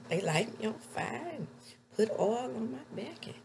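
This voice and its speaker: A woman recapping a TV episode in a casual, chatty way, with sudden loud high exclamations. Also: sing-song, measured pace, creaky, heavy background noise. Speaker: TV episode reviewer.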